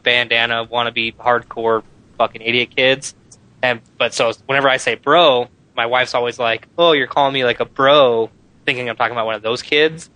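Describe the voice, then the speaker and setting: A man co-hosting a casual gaming podcast, telling animated, profane stories. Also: medium pitch, no echo, low-quality recording. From Phoenix, USA. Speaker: podcast co-host.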